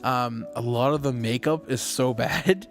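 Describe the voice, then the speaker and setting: A man co-hosts a relaxed podcast and talks in loose, rambling sentences full of fillers and restarts. His voice sits at an ordinary middle pitch. A faint music bed plays under the chat. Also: unhurried. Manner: rambling, many restarts and fillers, laughs often. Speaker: podcast co-host. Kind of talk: casual chat.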